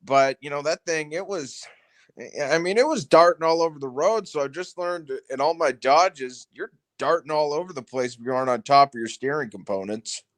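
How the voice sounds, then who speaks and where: A man joining a casual chat, sharing offhand anecdotes in a relaxed way. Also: fairly high pitch, normal speed.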